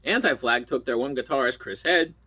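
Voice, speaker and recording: A man's voice: medium pitch, brisk, pushed and bright, breathy edge. Brief: middle-aged man from Pittsburgh, stuffy-nosed, with a blunt, profane ranting delivery. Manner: angry, blunt, swears constantly. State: stuffy nose. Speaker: vlogger. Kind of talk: profane rant.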